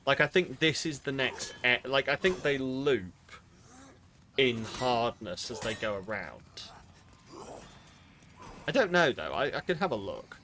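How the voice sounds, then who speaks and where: A man's voice: medium pitch, very animated, a little slow, long pauses, bright, forceful tone. Exasperated British man streaming a game. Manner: exasperated, swears, mutters to himself. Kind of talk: casual gaming commentary.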